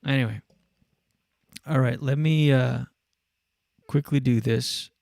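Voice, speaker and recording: A man's voice: medium pitch, takes it slowly, vocal fry, no room sound, clean studio sound. A male show host in casual solo talk, telling a story with energy and acting out the people in it. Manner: animated storytelling, acts out quotes.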